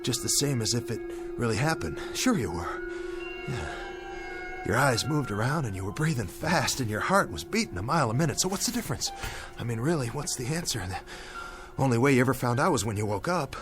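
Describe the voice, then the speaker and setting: An actor playing a stranded, shaken pilot who rambles over the radio in a radio drama, asking himself questions. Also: male voice, mid-range voice, very animated, a little fast, natural voice. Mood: shaken, rambling. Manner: rambling, questioning, half-laughing monologue. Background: music score.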